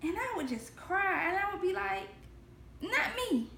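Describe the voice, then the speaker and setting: A woman's voice: very high voice, very animated, moderate pace, sharp tone, a little hiss or hum. A woman giving a spoken Christian devotional to camera, earnest and heartfelt, repeating phrases for emphasis. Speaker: devotional host. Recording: echoey room.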